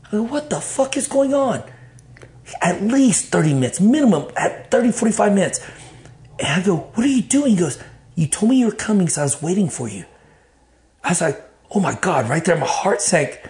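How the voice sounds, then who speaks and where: Profane, animated Texan man telling a story. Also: a little high, a little fast. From Texas. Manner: animated, profane, acts out his own past thoughts. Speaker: guest telling his life story. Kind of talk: casual storytelling.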